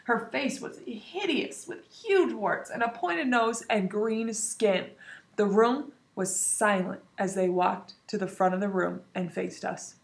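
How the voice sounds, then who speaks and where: A woman teacher reading a children's book aloud in an expressive, animated way. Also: mid-range voice, slow pace, gravelly. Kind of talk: storybook read-aloud. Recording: roomy echo.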